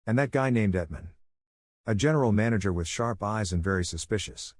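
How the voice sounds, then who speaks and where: A man's voice: on the low side, expressive, a little fast, no room sound. A man reading a bold young nobleman scheming. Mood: determined. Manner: confident, declaring plans.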